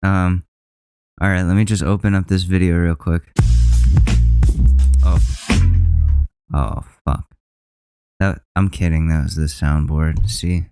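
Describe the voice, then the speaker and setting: A man's voice: low-pitched, fairly even intonation, slow pace, pauses often, darkish tone, clean tone, dry recording, faint music behind. Rambling man on a close, dry mic. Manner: rambling, joking, trailing off and laughing. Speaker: podcast host. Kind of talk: casual podcast rant.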